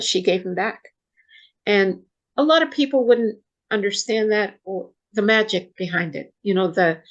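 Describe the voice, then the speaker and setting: A woman telling a personal story in a casual interview, soft-spoken and halting, often restarting her sentences. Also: medium pitch, low-quality recording. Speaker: guest storyteller.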